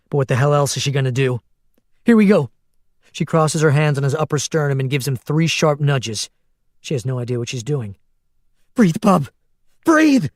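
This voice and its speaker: A man's voice: medium pitch, no room sound. Male audiobook narrator, dry close sound. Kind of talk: scripted narration.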